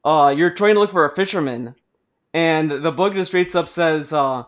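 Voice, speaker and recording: A man's voice: fairly high pitch, normal speed. A man hosting a casual podcast, chatting about games in a rambling way full of fillers and restarts. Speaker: podcast host.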